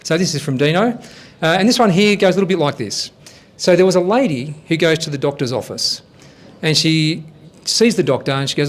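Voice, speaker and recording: A man's voice: on the high side, expressive, moderate pace. A man hosting a comedy show and telling jokes in an easygoing, hesitant way, on stage. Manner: easygoing, hesitant storyteller with filler words.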